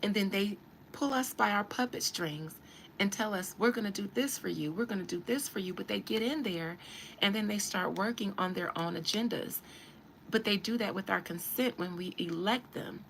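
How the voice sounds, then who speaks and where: A woman's voice: mid-range voice, vocal fry, fairly bright tone, a little hiss or hum. Emphatic woman holding forth on a podcast. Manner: emphatic, preachy, addresses listeners directly. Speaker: podcast host. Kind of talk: casual commentary.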